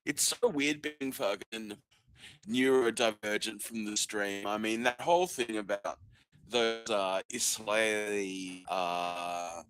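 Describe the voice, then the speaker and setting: Male podcast host, unhurried and sharp-toned, crude mocking monologue full of ums. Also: lowish voice, clear, resonant tone, rough recording. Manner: profane, sarcastic, mocking, laughs mid-sentence; many fillers and restarts. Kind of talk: rambling solo podcast monologue.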